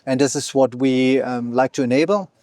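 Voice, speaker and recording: A man's voice: medium pitch, moderate pace, a little mellow, no room sound, studio quality. A man being interviewed as a company founder, talking fluently but with many fillers and restarts. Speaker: exchange founder, guest. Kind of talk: conversational interview. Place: event venue.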